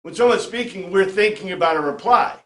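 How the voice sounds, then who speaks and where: A man's voice: high-pitched, brisk, roomy sound. A man teaching a Bible class in a conversational way, often checking in with his listeners. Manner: chatty, checks in with "right?". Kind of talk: informal lecture to a class.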